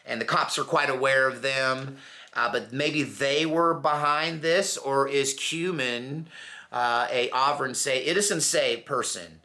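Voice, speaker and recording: A man's voice: medium pitch, fairly even intonation, measured pace, bright, forceful tone. A middle-aged man hosting his own channel, telling stories in a casual rambling way and mimicking voices as he goes. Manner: storytelling, mimics voices, laughs at own jokes. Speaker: commentary channel host.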